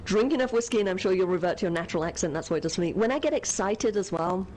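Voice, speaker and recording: A woman's voice: mid-range voice, animated, racing, a little mellow, a little hiss or hum, poor audio. A British woman from Yorkshire, co-hosting a gaming livestream, who reads chat aloud, laughs often and swears casually. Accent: British English, softened by living in the US. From Yorkshire, England. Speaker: co-host.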